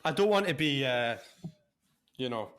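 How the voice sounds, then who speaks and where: A man's voice: mid-range voice, expressive, a little slow, a bit bright. A man co-hosting a casual chat on a video call, eager and tripping over his restarts. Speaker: co-host.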